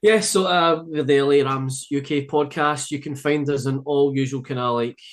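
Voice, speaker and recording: A man's voice: mid-range voice, fairly even intonation, normal speed. A man from Scotland with a Glasgow-area accent, chatting easily as a podcast guest with many fillers and restarts. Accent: Scottish, Glasgow area. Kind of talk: casual chat.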